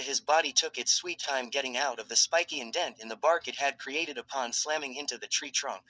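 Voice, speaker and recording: A man narrating a fan fiction story in a steady, dramatic storytelling manner. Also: mid-range voice, a little fast, hardly any pauses, dry recording, low-quality recording.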